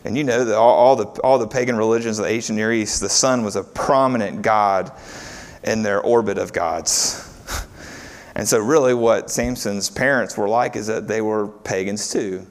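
A man's voice: fairly low pitch, moderate pace. A man preaching a sermon in a conversational way, often asking his listeners rhetorical questions. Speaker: pastor.

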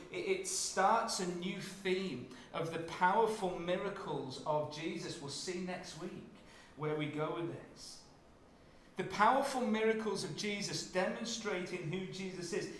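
Male preacher, measured slow delivery, somewhat high voice, roomy hall sound. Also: slight background noise. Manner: dramatic shifts from hushed to loud when acting out scenes. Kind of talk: sermon.

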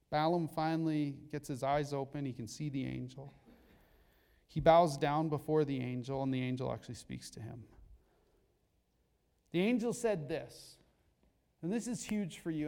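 A male pastor giving a sermon, telling a Bible story in an animated way with jokey asides. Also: on the high side, gravelly. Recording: long hall reverb.

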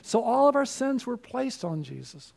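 A man's voice: very high voice, big pitch swings, moderate pace, gravelly. A man preaching a sermon as pastor, in an earnest, repetitive cadence with direct appeals to the listener.

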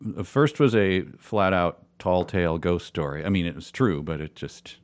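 A man's voice: deep voice, moderate pace. A man in his fifties from Minnesota telling a long, rambling story in casual chat, laughing often at himself. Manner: rambling, self-amused storytelling with frequent laughs. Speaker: storyteller guest.

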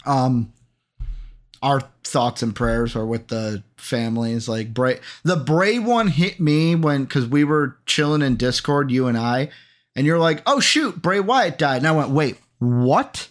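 A man's voice: medium pitch, unhurried. Rambling man co-hosting a podcast. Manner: rambling, acts out quotes animatedly. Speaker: podcast co-host. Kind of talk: casual chat.

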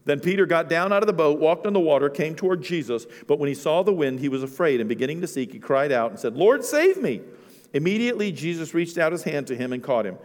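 A man preaching a sermon as pastor, telling the story with lively energy and acting out voices as he goes. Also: mid-range voice, in a large hall.

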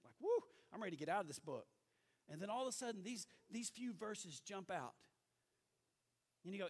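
A middle-aged man preaching as pastor, folksy and animated, asking the congregation for amens. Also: high-pitched. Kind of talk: sermon.

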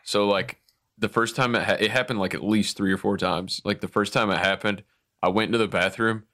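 Crude, laughing young man, low voice. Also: steady tone, a little fast, sharp tone. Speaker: podcast host. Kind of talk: casual chat.

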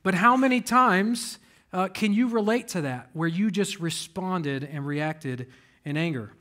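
A man's voice: high voice, unhurried, a bit bright. A man, a pastor, preaching a conversational sermon in a church, emphatic and direct, putting rhetorical questions to the congregation.

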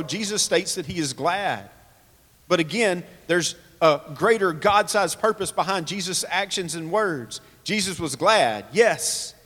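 A man's voice: fairly high pitch, a bit bright, long reverb tail. A man preaching a sermon, earnest, asking rhetorical questions and reading scripture aloud. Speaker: pastor.

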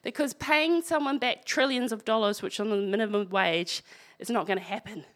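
A woman's voice: medium pitch, normal speed, fairly bright tone. A woman preaching a sermon, reading scripture aloud and breaking in with wry, conversational asides.

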